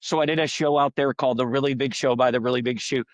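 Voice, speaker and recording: A man's voice: mid-range voice, fast, dry recording. A middle-aged man, telling stories in a casual podcast interview and acting out the people he quotes. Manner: rambling, animated storyteller who acts out quoted people in a raised voice. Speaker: guest comedian and balloon artist.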